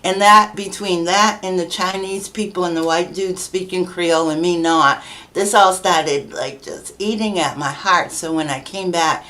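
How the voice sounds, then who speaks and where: A woman's voice: fairly low pitch, fairly even intonation, unhurried, a bit bright. A middle-aged woman from Massachusetts, a guest author, telling stories in a chatty way, laughing often and acting out the voices of people she quotes. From New Bedford, Massachusetts, USA. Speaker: guest, children's book author. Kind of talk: casual conversational storytelling.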